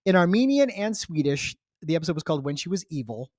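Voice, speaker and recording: A chatty co-host of a podcast, drifting off on tangents and laughing easily. The voice sits at a middling pitch. It is recorded dry and close, with little room sound. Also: sing-song, a little mellow, no echo. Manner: chatty, digressive, quick to laugh. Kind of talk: casual podcast chat.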